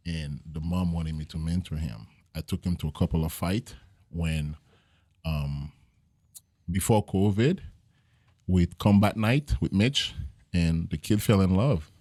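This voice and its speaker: A man's voice: low voice, a little slow, dark tone, no room sound, clean studio sound. A man, a jiu-jitsu gym owner and podcast guest, talking in a casual interview in an earnest, reflective way, with frequent fillers as he tells stories.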